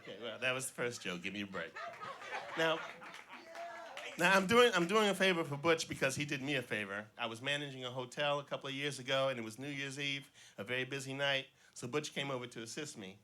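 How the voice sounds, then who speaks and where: A middle-aged man from the Cincinnati area doing his first stand-up set, telling joke stories in a relaxed way with small slips and restarts. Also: mid-range voice, brisk, slight background noise. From Cincinnati area, Ohio. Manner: relaxed storytelling, slips and restarts, voices jokes' characters lightly. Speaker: stand-up comedian, schoolteacher. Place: small club stage before a live audience.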